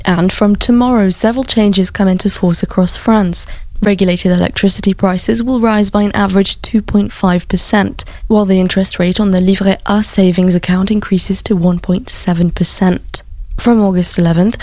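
A woman reading a radio news bulletin in a measured, crisp manner. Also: medium pitch, fairly even intonation, darkish tone, dry recording. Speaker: newsreader.

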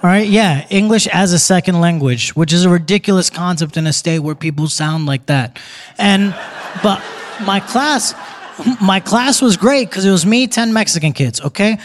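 A young man doing a stand-up set in a theater, chatty and quick, slipping into put-on voices for quotes. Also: high voice. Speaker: stand-up comedian. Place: theater stage before a live audience. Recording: live theater with crowd noise.

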